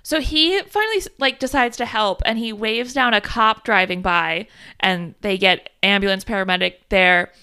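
A woman's voice: mid-range voice, moderate pace, bright, forceful tone, clean tone. A woman co-hosting a podcast, summarizing a film plot in casual chat with wry asides. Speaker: podcast co-host.

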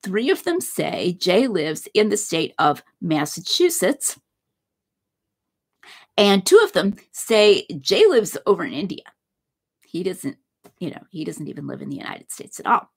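A woman with a low, slightly husky voice gives a philosophy lecture. She talks it through conversationally, and her pitch rises and falls a lot as she builds a hypothetical example. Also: big pitch swings, unhurried.

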